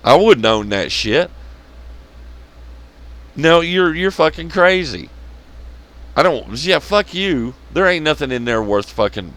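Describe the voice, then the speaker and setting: A man's voice: a little high, sing-song, takes it slowly, long pauses, a bit bright. A man giving blunt, sarcastic, profane commentary on a rant vlog, laughing at his own jokes. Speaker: wrestling commentary vlogger.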